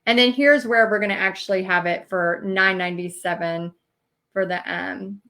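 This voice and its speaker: A woman's voice: medium pitch, steady tone, normal speed, sharp tone. A woman giving a live-streamed training talk as a business coach, earnest and emotional, rambling with many fillers.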